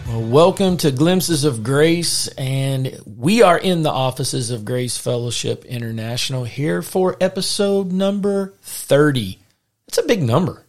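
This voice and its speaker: A man with a Southern accent hosting a casual faith podcast, upbeat and friendly and quick to laugh. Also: medium pitch, animated, faint music behind. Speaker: podcast host.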